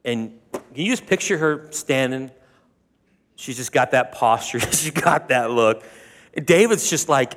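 A man's voice: mid-range voice, unhurried, a bit bright, in a large hall. A man preaching a sermon, retelling scripture in a conversational, joking way with asides to the congregation. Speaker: pastor.

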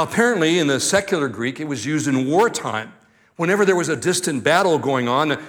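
An older man delivering a sermon from the pulpit, his voice sitting a little higher than most men's. He reads scripture and then explains it, slowing right down to lean on the words that matter. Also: fairly bright tone. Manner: reads scripture then preaches with deliberate slowed emphasis. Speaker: pastor.

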